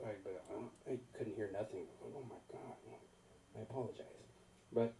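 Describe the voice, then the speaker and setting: A man's voice: lowish voice, steady tone, a little fast, warm tone. A man doing an open mic stand-up set in a small comedy club, telling self-deprecating stories and acting out voices. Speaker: stand-up comic. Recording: distant mic, faint room noise.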